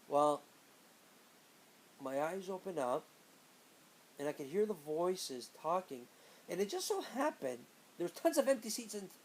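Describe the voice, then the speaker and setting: A man casually telling a personal story, animated, acting out the people in it. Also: sits high, rough recording. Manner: animated, acts out quoted friends in raised voices.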